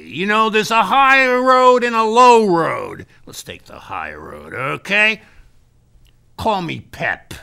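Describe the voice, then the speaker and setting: A high, creaky voice with a sharp yet clean tone carries this full character performance. The man improvises a comic monologue as a self-important American businessman claiming to be a Scottish laird, all salesman bluster.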